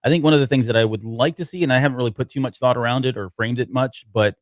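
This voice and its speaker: A man's voice: medium pitch, very fast, dry recording, studio quality. A man co-hosting a casual podcast chat, speaking hesitantly with many ums and restarts. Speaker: podcast co-host.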